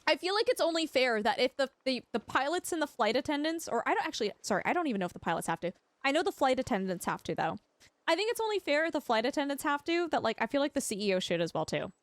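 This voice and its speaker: High-voiced bubbly woman streamer. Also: big pitch swings, quick pace, dry recording. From Canada. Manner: bubbly, giggly, chatty with viewers. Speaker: livestream gamer. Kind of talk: casual livestream chat.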